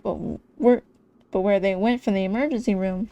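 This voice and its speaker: A woman's voice: medium pitch, fairly even intonation, moderate pace, dark tone. A young woman streamer reading game narration aloud in a wry storytelling manner.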